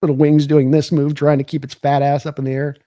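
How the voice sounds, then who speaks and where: Mellow-voiced man hosting a football stream. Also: on the high side, flat delivery, quick pace, no echo, studio quality. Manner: rambling, thanks viewers by name, reads chat aloud. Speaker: sports livestream host. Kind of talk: casual live-stream football talk.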